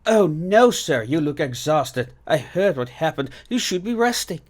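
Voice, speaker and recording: A man voicing a cheerful, kind and pushy middle-aged housekeeper in a shrill but friendly voice. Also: very animated, unhurried. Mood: warm fussing. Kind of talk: audiobook character voice.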